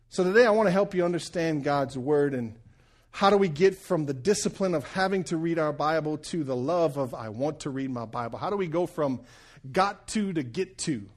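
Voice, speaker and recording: Folksy pastor, man with a higher voice. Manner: folksy storytelling with jokes and audience check-ins. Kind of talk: sermon.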